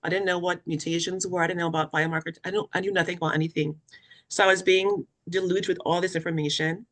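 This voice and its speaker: Her pitch is fairly low and her intonation fairly even, with a quick pace and a slightly bright tone. The young West African woman, a cancer survivor turned patient advocate, recounts her experience with earnest emotion in a webinar interview, acting out what people told her.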